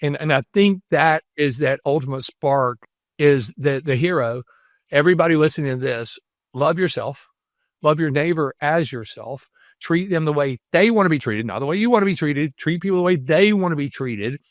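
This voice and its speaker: A middle-aged man speaks as a podcast guest. He sounds earnest and reflective and often retells conversations in other people's words. His voice sits a little high for a man, and the sound is close and dry. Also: moderate pace, dry recording. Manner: earnest, retells stories with quoted dialogue. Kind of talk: reflective storytelling.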